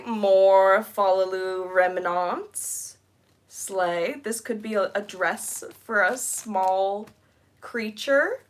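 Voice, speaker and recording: A young woman live streaming while she cleans, chatting casually with giggly, rambling asides and excited squeals. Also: medium pitch. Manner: bubbly, squealing excitedly at new members.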